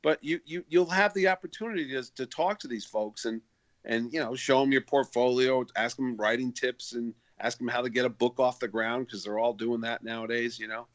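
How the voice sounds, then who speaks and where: A man's voice: mid-range voice, fairly quick, no echo, muffled recording. Male guest, rambling anecdote-teller who acts out voices, mid-range voice, dry room. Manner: chatty, rambling with restarts and repeated words. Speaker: comic convention organizer, guest. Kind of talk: casual interview storytelling.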